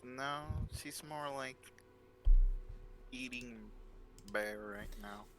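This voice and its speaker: A man playing a tabletop game, talking in a relaxed, hesitant way. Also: medium pitch, drawn-out words, a little hiss or hum. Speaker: player. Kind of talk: casual role-play chat.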